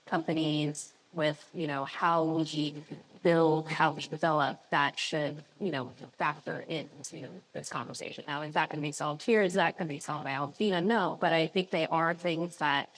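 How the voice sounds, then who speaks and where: A woman's voice: low-pitched, fairly even intonation, moderate pace, low-quality recording. A woman on a panel posing rhetorical questions and answering them herself. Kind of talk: panel discussion.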